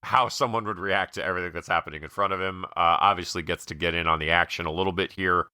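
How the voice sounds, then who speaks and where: A man with a very deep yet strikingly bright, crisp voice co-hosts a casual movie podcast. He muses in an unhurried way, full of ums. The sound is dry and close. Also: fairly even intonation, no echo. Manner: measured, filler-heavy musing. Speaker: podcast co-host. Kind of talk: casual movie review chat.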